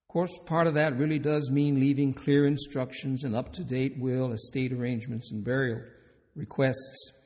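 A man's voice: mid-range voice, fairly even intonation, moderate pace, darkish tone. A man who is a hospice chaplain and minister, giving a conference talk, telling stories with humor and putting questions to the audience. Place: conference hall. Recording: long hall reverb.

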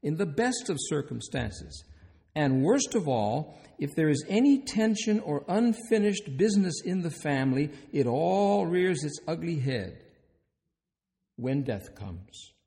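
A gravelly male chaplain speaks from a stage, his voice sitting a bit high for a man. He tells stories with dry humor and keeps asking the audience questions. A long reverb trails behind him in the conference hall. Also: sing-song, unhurried, mellow. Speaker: hospice chaplain and minister. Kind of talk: conference talk with storytelling.

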